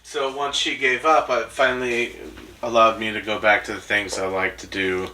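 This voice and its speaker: A man's voice: fairly low pitch, little pitch movement, moderate pace, far from the mic. Dry-joking man, off-mic. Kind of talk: casual chat. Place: at home. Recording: off-mic with loud noise.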